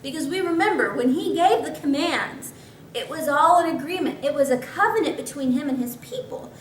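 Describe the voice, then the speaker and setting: A woman's voice: high voice, animated, a little fast. Chatty woman pastor in an echoey room. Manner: conversational, chatty asides. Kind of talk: Bible teaching. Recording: echoey room, mic at a distance, faint noise.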